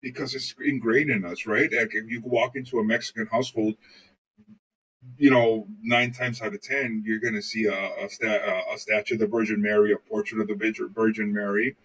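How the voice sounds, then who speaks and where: A man's voice: fairly low pitch, little pitch movement, brisk, fairly bright tone, husky, distant mic, low-quality recording. A man co-hosting a podcast, chatting casually and telling loose, profane stories full of swearing. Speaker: podcast co-host. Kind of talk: casual chat, rambling storytelling.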